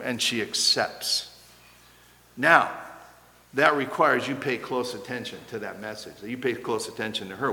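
A man preaching a sermon as pastor, emphatic and insistent, slowing and rising to stress key words. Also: medium pitch, bright, forceful tone. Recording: long hall reverb.

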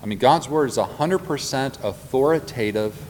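A man leads a Bible class in an earnest, deliberate manner, and he slows down and repeats the points he wants to stick. His voice sits in a middle register. It carries a long hall reverb with faint background noise underneath. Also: mid-range voice, darkish tone. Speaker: Bible teacher.

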